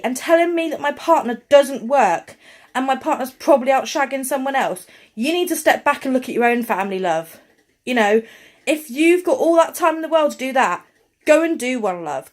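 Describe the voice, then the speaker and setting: A young woman vlogging, ranting bluntly and heatedly to camera, with frequent swearing. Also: fairly high pitch.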